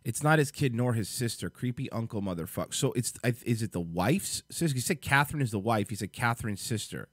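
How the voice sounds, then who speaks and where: A man hosting a live stream, reacting to videos in an angry, profane rant and reading web text aloud in a low mutter. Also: animated, a little fast, few pauses, a bit bright, no room sound, clean studio sound. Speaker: livestream host.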